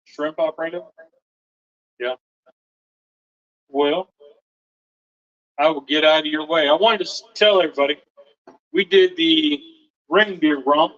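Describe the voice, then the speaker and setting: A man's voice: fairly high pitch, fairly bright tone. A middle-aged man hosting a casual livestream, rambling and chatty as he talks to viewers and family. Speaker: livestream host and home cook. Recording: dull, distant mic.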